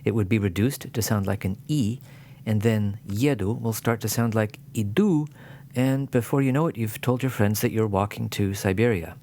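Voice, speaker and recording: Male teacher, lowish voice, clear scripted lesson narration, dry humor. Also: normal speed, warm tone. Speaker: language teacher.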